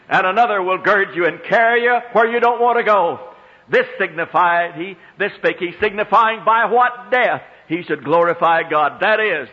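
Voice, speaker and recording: A man preaching a sermon, swinging between hushed low phrases and high ringing exclamations, drawing out scriptural lines in old-fashioned diction. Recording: long hall reverb, dull lo-fi sound.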